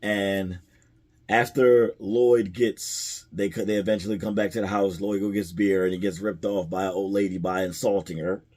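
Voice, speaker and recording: A man's voice: low-pitched, fairly even intonation, normal speed, a little mellow. Rambling man recapping a comedy film. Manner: rambling, chuckles at the jokes he retells. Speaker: movie reviewer. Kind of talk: casual plot recap.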